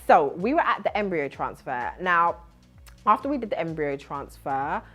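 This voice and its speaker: A young woman from Britain, a TV host, telling her story to camera in a lively, chatty way with lots of laughs. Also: sits low, normal speed, faint music behind. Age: young adult. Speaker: vlogger and TV host.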